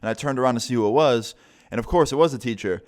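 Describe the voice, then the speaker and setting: Fast-talking profane young man. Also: medium pitch, darkish tone. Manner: profane, rambling, full of fillers. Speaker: vlogger. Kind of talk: casual story time.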